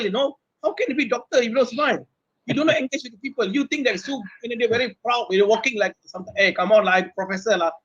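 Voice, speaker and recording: A middle-aged man with a Malaysian English accent, a professor speaking on a webinar panel, animated and full of rhetorical questions aimed at his fellow panelists. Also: extremely high pitch, husky. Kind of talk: unscripted panel talk. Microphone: webinar video call mic. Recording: dull lo-fi webinar audio.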